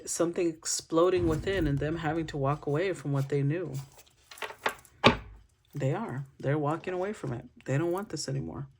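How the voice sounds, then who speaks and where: A woman's voice: deep voice, normal speed, noisy background. A woman giving an intuitive tarot reading to her viewers, musing and conversational as she thinks aloud. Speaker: tarot reader.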